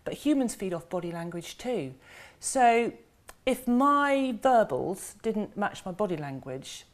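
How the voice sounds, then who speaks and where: A woman with a medium-pitched, expressive voice appears as a guest dog behaviour expert in a TV studio. Chatty and casual, she explains by acting out both dogs and their owners in quick little voices.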